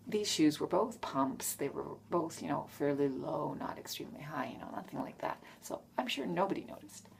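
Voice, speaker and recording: A woman's voice: sits low, expressive, normal speed, vocal fry, a little hiss or hum. A woman casually answering tag questions in a frank, rambling way, often correcting herself. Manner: frank, self-correcting, trails off.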